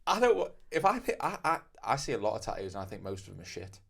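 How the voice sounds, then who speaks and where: Male host, very deep voice, laid-back conversational questioner. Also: fast talker, gravelly, breathy edge. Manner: relaxed, conversational, asks questions. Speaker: host, tattoo artist. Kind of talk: casual chat.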